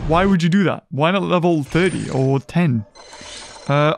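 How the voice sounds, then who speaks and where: A young man giving playful, excitable commentary on his own gameplay, joking and reacting as he goes. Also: fairly high pitch, measured pace, creaky. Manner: playful, jokey, bursts of excitement. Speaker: gaming video host. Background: game music.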